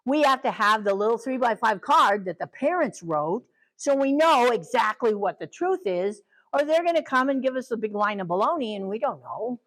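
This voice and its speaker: An older woman leads a parenting training session in a relaxed, conversational way. She laughs easily and slips into quick acted-out quotes of children and parents to make her points. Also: a little high, rough recording. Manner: chatty, laughs often, acts out quotes. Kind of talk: casual teaching talk.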